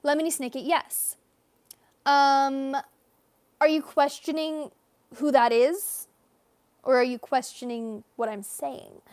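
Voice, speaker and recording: A woman's voice: high voice, steady tone, slow, long pauses, a little mellow, dry recording. A young woman chatting casually with viewers as she draws on a livestream, rambling and reading comments aloud. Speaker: artist livestreaming a drawing session. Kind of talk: casual live-stream chat while drawing.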